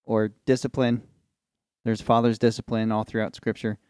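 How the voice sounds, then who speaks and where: A man's voice: on the low side, flat delivery, moderate pace, darkish tone, no room sound, studio quality. A man co-hosting a casual Christian podcast, offering short reflective remarks. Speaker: podcast co-host.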